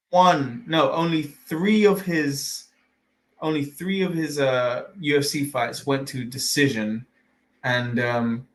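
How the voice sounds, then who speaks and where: A man's voice: a little high, rough recording. A man hosting a casual fight podcast, rambling with lots of fillers and restarts and casual swearing. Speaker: podcast host.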